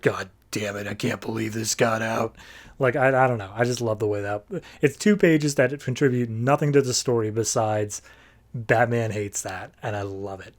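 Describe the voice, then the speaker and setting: A man hosting a podcast, casually reviewing and recapping comics in a chatty, filler-heavy way, slipping into quick offhand character voices. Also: mid-range voice, a little mellow.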